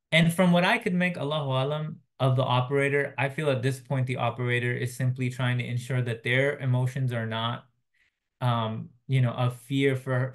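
A man delivering a Friday sermon as a chaplain, soft-spoken and reflective, pausing often with fillers. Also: medium pitch. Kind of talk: Friday sermon, retelling a phone call.

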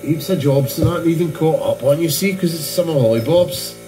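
A man's voice: a little high, a little fast, warm tone, soft background music. A middle-aged man with a northeast Scottish accent, rambling through profane, storytelling chat in a casual hobby vlog. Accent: Scottish, northeast Doric. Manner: profane, storytelling, heavy swearing. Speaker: hobby painting vlogger.

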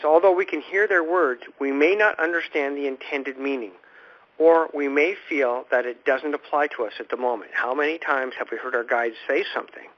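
A man hosting a spiritual radio program, teaching in an informal, rambling way and often repeating words as he restarts his thoughts. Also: mid-range voice. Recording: dull lo-fi radio recording.

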